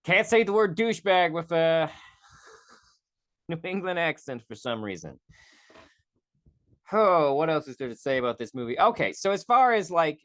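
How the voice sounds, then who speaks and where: With a voice on the high side that swings widely in pitch, a male podcast host talks through a movie by himself. He rambles, corrects himself, curses in asides and slips into quick mock voices.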